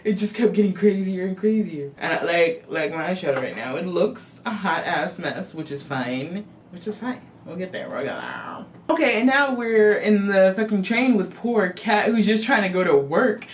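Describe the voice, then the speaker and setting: A woman vlogger giving a casual, profane, animated movie recap to camera. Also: fairly low pitch, moderate pace, few pauses, a little hiss or hum.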